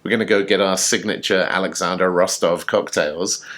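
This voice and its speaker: A man with a very low voice chats casually as a show co-host. He tells his story with eager enthusiasm and plenty of fillers. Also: steady tone, normal speed, a bit bright. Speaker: podcast co-host. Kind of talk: casual chat.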